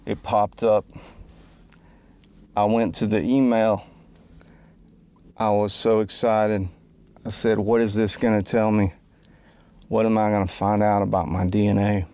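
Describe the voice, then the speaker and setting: A man's voice: fairly low pitch, flat delivery, measured pace, pauses often, warm tone, smooth, dry recording. A man who calls himself a musician and entertainer rambles through a joking, self-deprecating monologue and keeps losing his train of thought. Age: adult, grew up before the internet. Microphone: close mic.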